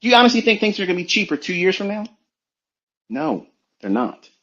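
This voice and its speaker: Preachy, profane man, fairly high voice. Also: very animated, brisk, bright, forceful tone. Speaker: trading mentor. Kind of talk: motivational rant. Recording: dull lo-fi sound.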